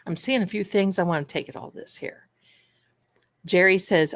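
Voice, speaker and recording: A woman's voice: on the low side, expressive, measured pace, pauses often, dry recording. A woman hosting a manifestation and tarot show, telling stories in a casual livestream chat and calling her viewers darlings. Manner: chatty storyteller, addresses viewers as darlings.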